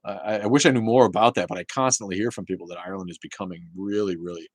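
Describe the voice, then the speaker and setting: A man hosting a casual live talk show, rambling and swearing, with many halting restarts as he answers viewer chat. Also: deep voice, steady tone, no room sound, low-quality recording.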